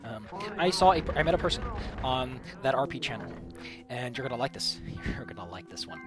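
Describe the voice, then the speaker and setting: A man's voice: medium pitch, big pitch swings, fairly quick, over music. A man giving casual gameplay commentary, rambling and swearing freely as he tells a story. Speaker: let's play streamer.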